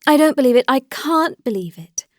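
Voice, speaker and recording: A woman's voice: moderate pace, darkish tone, no room sound, studio quality, close to an everyday voice. A woman voicing a desperate pleading noblewoman. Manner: pleading, rising to high distress. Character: anguished noblewoman pleading for her friend.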